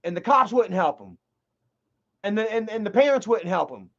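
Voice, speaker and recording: High-pitched and a bit bright, this man streams a heated, profane retelling of a story, rambling and repeating himself. His intonation is lively, his pace moderate, and the highs are cut off.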